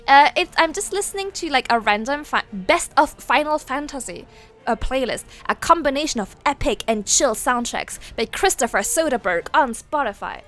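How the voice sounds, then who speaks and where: Woman streamer, high voice, casual rambling chat, quick laughs, light swearing, faint soundtrack music behind. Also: lively intonation, a bit bright. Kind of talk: casual livestream chat, reading chat aloud. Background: faint game-soundtrack music.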